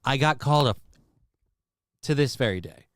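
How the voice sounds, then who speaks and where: A man's voice: mid-range voice, lively intonation, normal speed, fairly bright tone, dry recording. A man hosting a casual livestream chat, with crude, mocking, profane banter. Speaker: show host.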